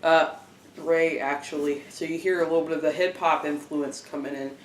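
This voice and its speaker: A man giving a casual spoken album review, halting often with fillers and restarting his phrases. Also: fairly high pitch, fairly even intonation, slight background noise. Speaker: music reviewer. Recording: roomy, distant from the mic.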